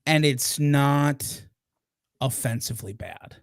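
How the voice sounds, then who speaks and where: A man co-hosting a live podcast, weighing his opinions slowly and restarting his sentences. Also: mid-range voice, no echo, clean studio sound. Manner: deliberate, hesitant, restarts often. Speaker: podcast co-host. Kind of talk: casual review chat.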